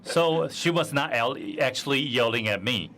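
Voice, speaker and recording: A man's voice: mid-range voice, animated, moderate pace, pushed and bright, slight background noise. A man telling a personal anecdote on a conference stage, hesitant with many fillers, into a stage microphone. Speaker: forum speaker.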